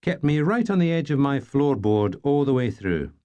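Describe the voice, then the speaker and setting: A man's voice: medium pitch, sing-song, normal speed, dark tone. A man narrating a first-person novel in a dry, wry storytelling manner. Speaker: audiobook narrator.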